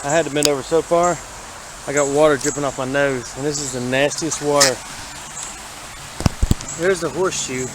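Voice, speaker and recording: A man's voice: a little high, little pitch movement, fairly quick, background noise. A man with a Southern US accent, rambling in a folksy way as he wades a creek and talks through the junk he finds. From Alabama. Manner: rambling, folksy, thinks aloud about his finds. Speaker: vlogger exploring a creek. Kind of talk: casual walking narration. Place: outdoors wading in a city creek. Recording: outdoor camera audio with running water.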